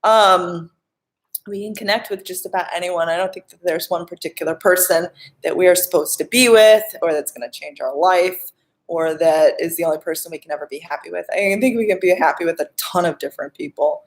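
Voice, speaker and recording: A woman's voice: fairly low pitch, fairly quick. Chatty woman coach answering live questions. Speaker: life coach. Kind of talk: live-stream Q&A.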